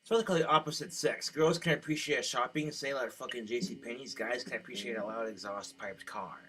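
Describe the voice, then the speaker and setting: A man rants crudely and rambles through a comedic vlog monologue in a mid-range voice. A guitar plays clearly behind him the whole time. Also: medium pitch, fairly quick, rough recording. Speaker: vlogger. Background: guitar music.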